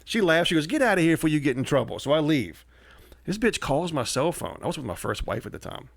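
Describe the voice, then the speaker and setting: A man telling a story on a casual podcast. He acts out quotes with animated swings of voice. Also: fairly high pitch, fast, gravelly, no echo. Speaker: comedian guest.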